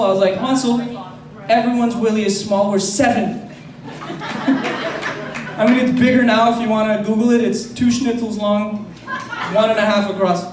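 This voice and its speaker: A man's voice: very high-pitched, far from the mic, background noise. A man from France doing a profane stand-up comedy set, loose and chatty with crowd work. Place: comedy club. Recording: roomy club recording from afar with crowd. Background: audience laughter.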